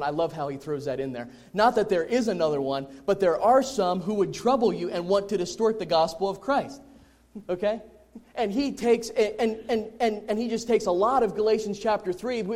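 A man preaching a sermon, acting out a story for a listener and stressing points through repetition. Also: high voice. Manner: animated storytelling, acts out a scene addressed to a listener; emphatic repetition.

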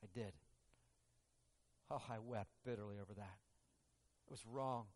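A man's voice: fairly high pitch, unhurried, natural voice. A man voicing a remorseful, devoted apostle who speaks earnestly and with rising emotion, in a sermon role-play with long hall reverb. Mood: remorseful, fervent.

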